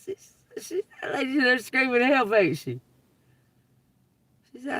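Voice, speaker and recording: A woman telling profane, laughing stories on a casual livestream, breaking into loud outbursts. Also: high voice, very animated, unhurried, no room sound, recorded from a distance. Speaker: livestream host. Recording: dry, from away from the mic.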